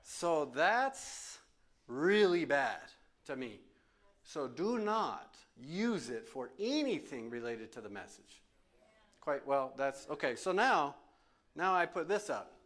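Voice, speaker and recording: Male pastor, slightly high voice, emphatic and repetitive, preaching a Q&A session in church. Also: big pitch swings, slow pace, fairly bright tone. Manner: emphatic, repeats phrases for stress. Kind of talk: sermon question and answer session. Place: church sanctuary.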